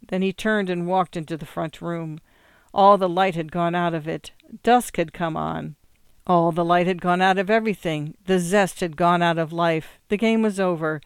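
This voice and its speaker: A narrator reading a story aloud in a measured, expressive way. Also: medium pitch, clean tone, no echo, clean studio sound. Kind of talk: audiobook reading.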